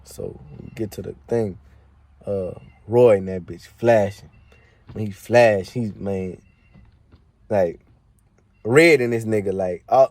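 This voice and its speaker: Young male storyteller, lowish and mellow, loose slangy profane delivery full of fillers. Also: dry recording. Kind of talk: casual spoken storytelling.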